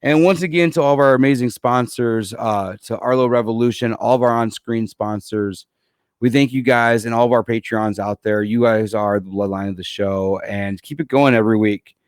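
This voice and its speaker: A relaxed man hosts a live-streamed music podcast in a loose, chatty way. His voice sits at an ordinary pitch and sounds dry and close, with no room around it. He rambles a little and keeps it friendly and informal. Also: normal speed, clean tone, no room sound. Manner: easygoing, rambling, calls people man and dude. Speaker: podcast host. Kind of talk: casual live-show chat. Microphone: computer setup for a live stream.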